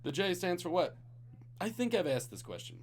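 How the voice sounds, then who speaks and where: A man's voice: sits high, big pitch swings, normal speed, a little hiss or hum. A tired man hosting a live-streamed trivia game, reading out questions and joking with the chat between them. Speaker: trivia host.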